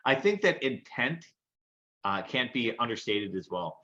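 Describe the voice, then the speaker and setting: Guy cohosting a podcast, telling stories with lots of energy, dull lo-fi sound, middle pitch. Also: a little slow. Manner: animated anecdotal storyteller. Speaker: podcast co-host. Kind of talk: casual chat, storytelling.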